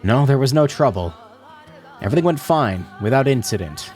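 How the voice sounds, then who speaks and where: A man voicing a calm, affectionate young man back from a long sea voyage, reading in a low, measured way. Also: faint music behind, natural voice. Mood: reassuring.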